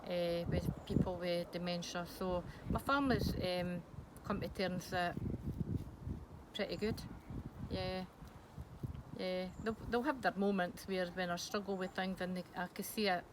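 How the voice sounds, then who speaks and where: Scottish lady, 50s-ish, lots of ums, lower voice, noisy recording. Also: fairly even intonation, unhurried. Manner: hesitant, frank, many ums and restarts. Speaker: interviewee. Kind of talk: candid personal interview. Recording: noisy background hiss.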